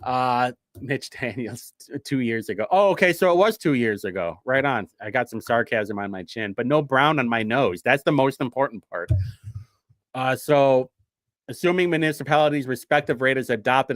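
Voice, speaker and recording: A man's voice: on the high side, a bit bright, dry recording, clean studio sound. A man from hosting a show, reading from documents in a casual, sarcastic, rambling way with frequent self-interruptions. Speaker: show host.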